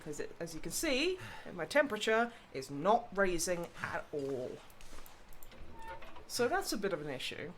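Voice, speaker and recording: A woman streamer chats casually over her game with a lively, swooping pitch. She is expressive and quick to swear. Clear background noise sits under her voice. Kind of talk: casual gaming livestream chat.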